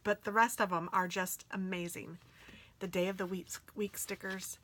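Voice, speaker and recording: Gushing excitable woman unboxing stickers. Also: medium pitch, normal speed. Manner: gushing and excitable, drops into soft whispers. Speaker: planner sticker vlogger. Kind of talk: casual unboxing chat.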